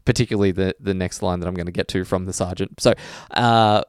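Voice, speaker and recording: Low-voiced man on a podcast. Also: steady tone, fast talker, clear, resonant tone, dry recording, clean studio sound. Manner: laughs often, swears freely, slips into voices. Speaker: podcast co-host. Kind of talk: casual chat, reading listener mail.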